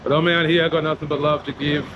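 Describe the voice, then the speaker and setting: A laid-back Australian man, a vlogger and rapper, rambles outdoors through a town street and mall in a slightly high voice, talking fast and leaning heavily on "you know." He sounds relaxed and heartfelt, though the noisy street audio is dull.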